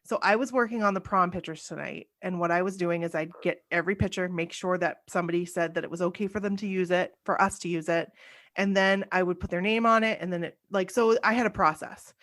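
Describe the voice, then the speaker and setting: A woman in her forties hosts a casual podcast, her lowish voice steady and a bit bright as she moves at a quick pace. She's telling a personal story in a chatty way, stringing long run-on sentences together and filling them with "like."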